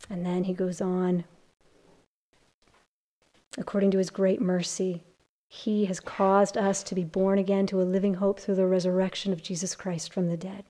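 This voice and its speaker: A woman leads a Bible study for a group of women. Her voice is mellow and warm, set at a middle pitch. She talks earnestly, sometimes hushed and sometimes rising to strong emphasis. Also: steady tone, unhurried. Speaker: Bible teacher.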